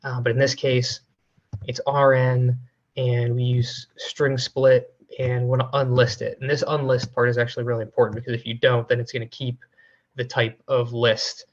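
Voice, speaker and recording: A man presenting a coding demo over a video call in a relaxed, casual way, with many fillers. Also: mid-range voice, moderate pace, muffled recording. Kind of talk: casual technical walkthrough.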